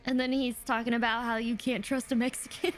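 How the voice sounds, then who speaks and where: Female reaction host, chatty, amused commentary, higher-pitched. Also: flat delivery, brisk, very noisy.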